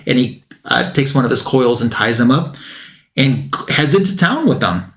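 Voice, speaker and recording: A man casually recapping a comic book story for a review show, with lots of fillers and restarts and a quick patter when he quotes the characters. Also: mid-range voice, big pitch swings, fairly bright tone. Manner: loose retelling with many fillers and restarts, quick lines when quoting characters. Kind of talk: casual comic recap, reading dialogue aloud.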